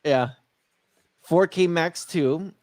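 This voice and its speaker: A man's voice: fairly high pitch, very slow, darkish tone, no echo. A man co-hosting a casual streaming podcast, laughing a lot and reading out viewer comments. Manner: giggly, laughs often, reads out chat comments. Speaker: podcast co-host. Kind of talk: casual livestream chat.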